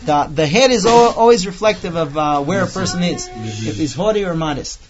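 A man teaching a casual Torah class to a small group, quickly reading out Hebrew text and then explaining it with stories. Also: sits high, expressive, muffled recording, over music. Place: room with a small group of listeners.

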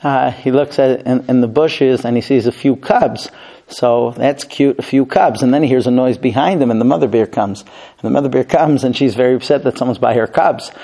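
A man's voice: medium pitch, normal speed, warm tone, rough recording. A man teaching a Torah class and telling a long parable, with fillers and restarts.

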